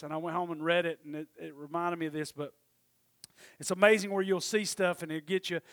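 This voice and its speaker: Middle-aged pastor, folksy rambling sermon, high voice, dry close sound. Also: male voice, fairly quick, fairly bright tone, no room sound. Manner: folksy, conversational, rambling with self-deprecating asides. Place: church.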